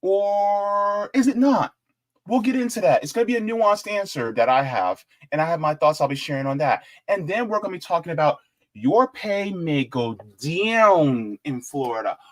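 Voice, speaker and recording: Animated man hosting a live stream. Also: on the high side, normal speed. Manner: animated, jokey, reads chat aloud. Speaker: host of a live-stream politics show. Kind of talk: casual live-stream chat.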